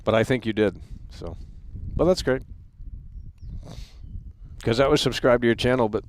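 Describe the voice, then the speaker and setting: A man's voice: medium pitch, moderate pace, a little hiss or hum. A man in his thirties hosting a live stream, ranting in a heated, profane way and stumbling over repeated words. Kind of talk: angry livestream rant.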